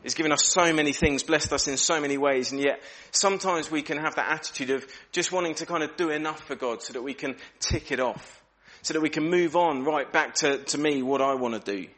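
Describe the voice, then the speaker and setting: A man preaching an evening church sermon, acting out questions in lively voices. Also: on the high side, brisk, hardly any pauses.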